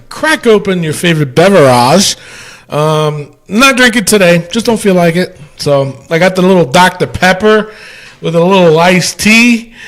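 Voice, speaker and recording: A man hosting a wrestling podcast in a loose, chatty way, laughing often. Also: sits high. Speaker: podcast host. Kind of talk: casual chat.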